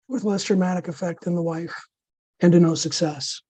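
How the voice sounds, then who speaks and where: Scratchy-voiced man reading deadpan. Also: sits high, normal speed, no room sound. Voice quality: scratchy voice from dysphonia. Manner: dry, deadpan delivery of absurd stories. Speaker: guest author reading his fiction. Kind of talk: reading flash fiction aloud.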